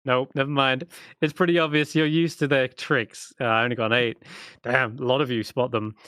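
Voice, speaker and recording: A man's voice: medium pitch, steady tone, sharp tone, dry recording. A man narrating as dungeon master in a casual, laughing way. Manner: casual, laughing, quick asides. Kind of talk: narrating a tabletop game.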